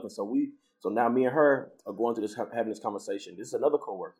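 A man's voice: fairly low pitch, rapid-fire, few pauses. A man telling a personal faith story in casual talk, acting out the voices of the people he quotes. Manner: storytelling, animated when quoting others.

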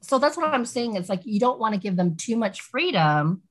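A woman guest on a podcast chats in a loose, rambling way, full of "like"s. Her delivery is animated and her pitch sits in an ordinary middle range. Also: moderate pace. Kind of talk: casual chat.

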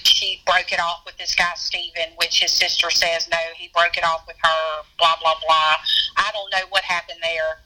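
A woman's voice: lowish voice, level tone, normal speed, sharp tone, rough recording. A woman talking in an offhand, conversational way. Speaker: interviewee. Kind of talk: casual chat.

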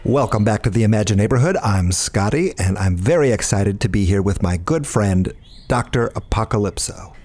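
A man's voice: on the low side, expressive, moderate pace, a little mellow, slight background noise. A man hosting a children's podcast, talking playfully straight to young listeners. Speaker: podcast host.

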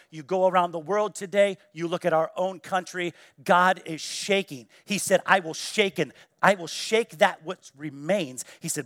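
A man preaching a sermon in church, swinging between loud exclamations and hushed, quiet quoting. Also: high voice, dry recording, studio quality. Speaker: pastor. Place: church sanctuary.

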